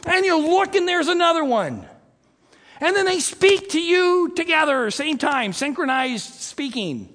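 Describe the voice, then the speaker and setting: A preacher delivering a sermon at an unhurried pace. The pitch rises and falls widely as the preacher reads scripture, then shifts into a conversational explanation that acts out the scenes. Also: sing-song, fairly bright tone. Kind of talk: sermon with Bible reading.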